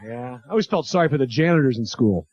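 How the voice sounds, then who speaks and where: Animated man doing stand-up. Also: mid-range voice. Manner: animated, does quick character voices and crowd work. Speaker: stand-up comedian. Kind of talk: stand-up routine. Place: comedy club stage with live audience. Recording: dull lo-fi 1980s club tape.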